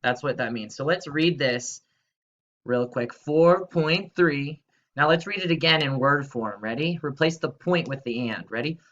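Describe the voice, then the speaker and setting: A man's voice: a little high, measured pace, a bit bright, muffled recording. A male teacher giving a recorded math lesson, upbeat and coaxing, asking students to repeat after him.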